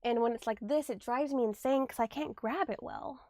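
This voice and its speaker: A young woman's high voice with a gravelly edge, talking casually to her stream from a room at home. She is still getting over being sick and keeps up a chatty flow, thanking viewers and whispering little asides as she sorts things. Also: fairly quick, a little mellow, no echo, studio quality. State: recovering from illness. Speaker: livestreamer. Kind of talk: casual livestream chat.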